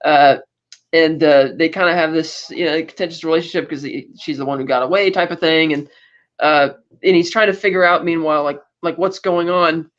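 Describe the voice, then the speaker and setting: A man's voice: on the high side, fairly even intonation, brisk, fairly bright tone. Rambling male podcast host, lo-fi audio. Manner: rambling, many fillers and restarts; acts out character quotes. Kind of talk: casual film recap.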